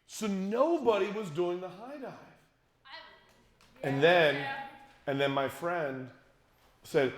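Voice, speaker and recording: A man's voice: sits high, a little slow. A middle-aged man telling a funny story to a youth conference audience, acting out what people said and joking with the crowd. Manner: animated, acts out quotes, jokes with the crowd. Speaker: youth speaker. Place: large conference hall. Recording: echoey hall.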